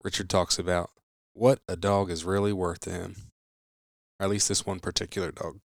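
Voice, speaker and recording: Male podcast host, very low voice, dry close sound. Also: level tone, moderate pace, creaky, no echo. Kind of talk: podcast introductions.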